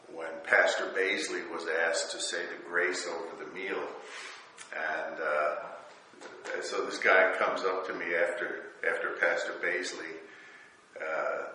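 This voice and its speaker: Slow halting pastor in an echoey church. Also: male voice, low-pitched, pushed and bright, recorded from a distance, slight background noise. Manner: slow and halting with many fillers, rising into emphatic scripture reading. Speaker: Lutheran pastor. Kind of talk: conversational sermon. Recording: very echoey room.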